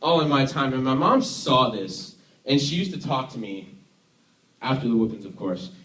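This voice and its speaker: A man's voice: mid-range voice, expressive, normal speed, fairly bright tone. Young man preaching in an echoey hall. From Tennessee, US. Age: young adult. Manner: joking, self-deprecating, chatty. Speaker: youth worship leader preaching. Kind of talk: casual sermon. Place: church hall. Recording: echoey hall, mic from far off.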